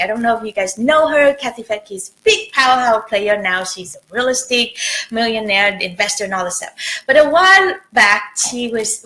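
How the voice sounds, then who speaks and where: A woman dating coach giving chatty, animated advice on a live video stream, swinging between loud and soft. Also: a little high, low-quality recording.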